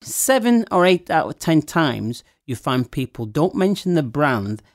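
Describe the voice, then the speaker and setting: A middle-aged man, a wine shop owner chatting casually, telling animated stories and laughing often. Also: on the high side, measured pace, no echo, studio quality. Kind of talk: casual chat.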